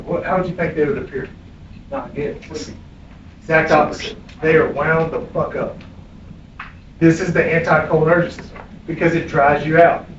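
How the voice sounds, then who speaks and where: A man's voice: on the high side, dull audio, a little hiss or hum. Blunt man lecturing a class. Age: middle-aged. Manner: blunt, profane, quizzing the class. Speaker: EMS instructor. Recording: echoey room, distant mic.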